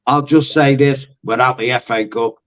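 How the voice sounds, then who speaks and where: A man's voice: mid-range voice, steady tone, moderate pace, a bit bright. A man on a fan forum panel, rambling and joking with restarts in casual chat.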